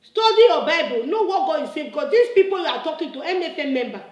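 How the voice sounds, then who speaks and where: Speaking quickly with big swings in her high voice, a church member fires off a scolding video reply indoors in her room. She repeats herself passionately and works up to emphatic outbursts, and the rough recording has a roomy sound.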